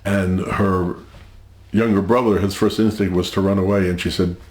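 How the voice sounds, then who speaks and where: An older man recounting family history as an interview guest, speaking in a halting, measured way with many pauses and fillers. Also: sits low, level tone, darkish tone, roomy sound.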